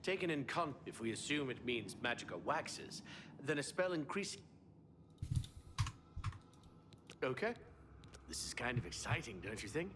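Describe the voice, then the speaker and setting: An animated male mage scholar. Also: mid-range voice, normal speed, slight background noise. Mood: eager. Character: male mage scholar puzzling over a relic. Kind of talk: video game voice acting.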